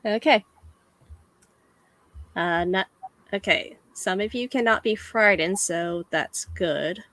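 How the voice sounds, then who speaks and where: A woman running a tabletop game as game master, speaking in a slow, hesitant way with many fillers. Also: mid-range voice, a bit bright, no echo, low-quality recording.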